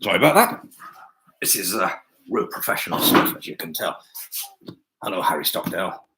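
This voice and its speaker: A man's voice: fairly low pitch, a bit bright, slight background noise, low-quality recording. A man hosting a pub quiz from home on a video call, chatting and joking with lots of fillers. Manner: chatty, jokey asides, many fillers. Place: home room.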